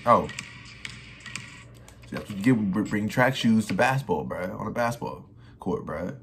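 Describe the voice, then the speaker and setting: A young man giving excited reaction commentary on his old basketball footage, trash-talking and repeating his phrases. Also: fairly low pitch, moderate pace, gravelly. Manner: hype trash talk, repeats phrases, keeps saying "bro". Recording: faint music behind.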